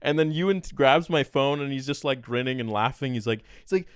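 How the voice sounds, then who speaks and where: A man appearing as a podcast guest tells a story in casual talk, his mid-range voice clear and resonant in a clean, echo-free studio. He is animated, acting out quick exchanges between himself and others.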